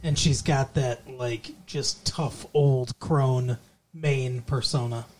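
A man's voice: medium pitch, fairly even intonation, slow pace, a little mellow, a little hiss or hum. A man co-hosting a podcast, talking in a casual recap chat with profane, sarcastic and exaggerated remarks. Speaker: podcast co-host.

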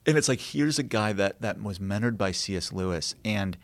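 A man's voice: on the low side, quick pace, hardly any pauses. A man, a guest author, telling stories earnestly and reflectively in conversation, with frequent fillers and restarts. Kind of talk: conversational storytelling.

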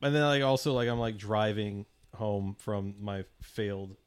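A man's voice: on the low side, measured pace, clean tone, no room sound, clean studio sound. A man co-hosting a podcast, telling a casual, profane story and acting out the quotes. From St. Louis area, USA. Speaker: podcast co-host. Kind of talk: casual chat.

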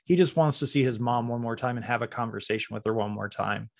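A man's voice: mid-range voice, fast, creaky, dry recording. A man hosts a casual podcast chat, earnest and reflective. His voice sits in the middle range. The sound is dry and close. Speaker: podcast host.

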